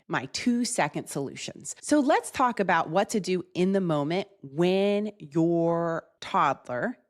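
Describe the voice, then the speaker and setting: Woman, 30s, parenting educator; calm and earnest, animated delivery, slightly low voice. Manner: calm, earnest, acts out child and parent phrases. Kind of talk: parenting advice talk to camera.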